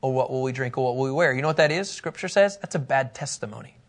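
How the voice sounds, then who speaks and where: A man teaching a sermon, emphatic and animated, often acting out the lines he quotes. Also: mid-range voice, quick pace. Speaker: pastor.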